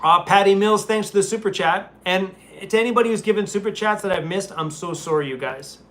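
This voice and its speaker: A man's voice: high voice, a little fast. A middle-aged man from Canada, chatting casually and rambling on a live stream from a hotel room. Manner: relaxed, rambling, talks baby-talk to his dog. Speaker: van-life vlogger doing a live stream.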